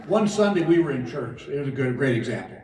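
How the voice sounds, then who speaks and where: A man's voice: medium pitch, big pitch swings, fast, background noise. A middle-aged man telling folksy stand-up stories on a casino stage, acting out both sides of each conversation. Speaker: stand-up comedian. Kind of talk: stand-up storytelling. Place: large casino theater stage. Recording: roomy live hall from far off. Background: audience laughter.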